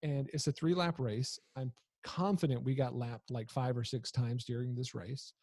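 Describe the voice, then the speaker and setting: A man's voice: medium pitch, steady tone, normal speed, a little mellow, dry recording. A man in his thirties telling a humorous personal story about his family in a casual, conversational way. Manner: conversational, frequent fillers and restarts, humorous. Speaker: storyteller, father.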